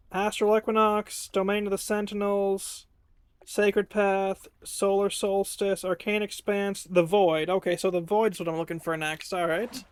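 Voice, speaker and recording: A woman's voice: medium pitch, clean tone. A woman streamer chatting casually while playing a game, thinking aloud and correcting herself as she goes.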